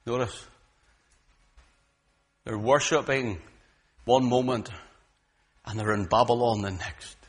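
A male preacher delivering a fervent sermon, dropping to hushed low lines and then rising to loud, raised outbursts, often repeating words as he gets worked up. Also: slow pace, long pauses, slightly rough.

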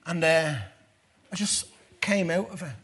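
An Irish man giving a personal testimony sermon to a church gathering, earnest, dropping low and slow for the dark parts. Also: fairly even intonation, breathy edge. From Ireland.

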